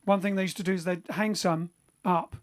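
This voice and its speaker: His voice sits high with fairly even intonation and a slightly fast pace as he hosts a livestream for his band from home during lockdown. He chats casually, reads out viewer comments and rambles, often restarting and using fillers.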